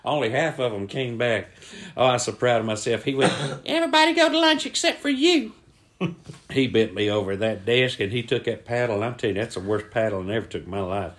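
A man telling a long funny story on a podcast, acting out other people's voices. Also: brisk. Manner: acts out voices, shouting quoted lines high. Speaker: podcast co-host. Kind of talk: animated storytelling.

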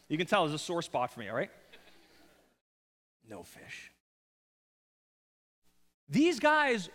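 A man preaching a sermon in an animated, conversational storytelling style with jokes. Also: high-pitched, big-room sound. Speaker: pastor.

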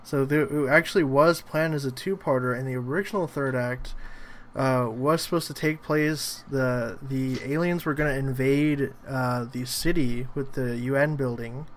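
A man's voice: medium pitch, steady tone, moderate pace, slight background noise. A man in a casual chat, laying out behind-the-scenes details at length and hesitating with fillers. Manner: explaining trivia at length, with frequent "uh" fillers.

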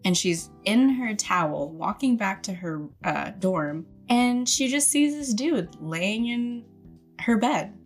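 A woman's voice: medium pitch, lively intonation, slow pace, soft background music. A woman co-hosting a podcast, casually recapping a movie with frequent giggles and quoted lines. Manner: giggly, quotes characters in put-on voices. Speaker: podcast co-host.

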